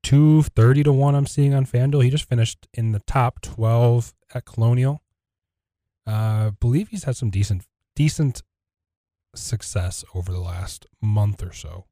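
Low mellow-voiced guy co-hosting, dry close sound, lots of ums. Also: measured pace, no room sound. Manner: hesitant, trails off, blunt opinions. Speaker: podcast co-host. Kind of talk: casual chat.

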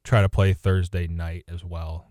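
A deep-voiced man chats on a golf podcast in a loose, rambling way, often stopping to correct himself mid-sentence. His tone stays easygoing. The recording is dry and close-miked. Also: flat delivery, measured pace, a little mellow, no echo. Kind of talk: casual chat.

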